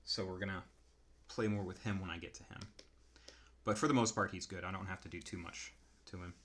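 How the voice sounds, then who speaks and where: A man narrating casually as he draws, an artist demonstrating character design and thinking aloud in an unhurried, musing way. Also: sits low, fairly even intonation, fairly bright tone, a little hiss or hum.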